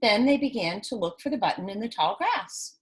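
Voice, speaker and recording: Animated woman teacher reading aloud. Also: mid-range voice, normal speed, husky. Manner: animated, asks children questions. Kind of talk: reading a picture book aloud to children.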